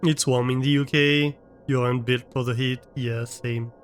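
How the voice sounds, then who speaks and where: A man's voice: medium pitch, flat delivery, normal speed, faint music behind. A man live-streaming a game from his room, chatting casually with viewers and thinking aloud as he plays. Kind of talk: casual chat while playing a game. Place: his own room at home.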